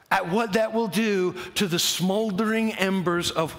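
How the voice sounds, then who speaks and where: Male pastor, high voice, animated sermon delivery, stammers, long hall reverb. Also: unhurried, hardly any pauses. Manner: energetic, stammering restarts, animated.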